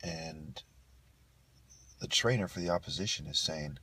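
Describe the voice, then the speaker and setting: A man's voice: rumbling low, measured pace, long pauses, pushed and bright, husky, dry recording. A man delivering a profane, scornful rant to camera and breaking into bursts of laughter. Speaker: video blogger. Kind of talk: ranting monologue to camera.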